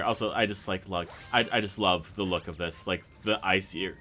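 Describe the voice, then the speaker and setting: A man's voice: deep voice, moderate pace, hardly any pauses, pushed and bright. A young man casually commenting on his own gameplay as a let's play host, rambling and stuffing his sentences with "like". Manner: rambling, fills every sentence with "like". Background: faint game music.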